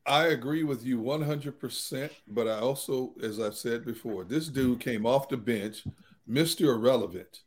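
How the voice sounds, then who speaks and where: A man co-hosting a sports talk show, teasing his co-hosts in a playful, animated way. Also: mid-range voice, normal speed, a little hiss or hum. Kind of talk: casual sports chat.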